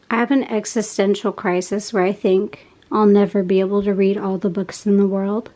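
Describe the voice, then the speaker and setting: A woman chatting casually as she unboxes craft kits, gushing with soft laughs. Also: mid-range voice, level tone, normal speed, few pauses, poor audio. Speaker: unboxing vlogger.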